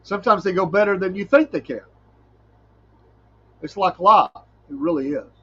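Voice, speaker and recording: A man's voice: sits high, normal speed, a bit bright, husky, muffled recording. A middle-aged man, a preacher hosting a podcast, talking in a folksy, rambling way and laughing often. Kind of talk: casual solo podcast talk.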